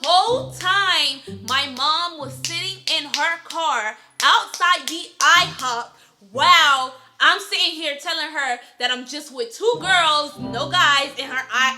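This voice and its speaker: Animated young woman with a bright voice. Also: sits high. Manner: animated, slangy, chatty, addresses viewers as y'all. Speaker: vlogger. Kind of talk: casual storytime.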